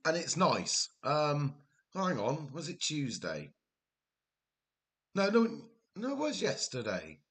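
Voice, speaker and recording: A man's voice: a little high, big pitch swings, slow pace, pauses often, fairly bright tone, breathy edge. A man with a Welsh accent hosting a live game stream, chatting casually, laughing often and telling rambling family stories. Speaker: livestream host. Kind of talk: casual livestream chat.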